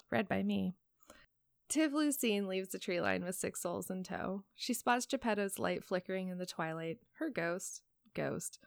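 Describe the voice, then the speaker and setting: A woman reading a story aloud in a calm, even voice, then chatting casually with co-hosts. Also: lowish voice, gravelly, no room sound, studio quality. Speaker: reader and podcast co-host. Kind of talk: reading fan fiction aloud.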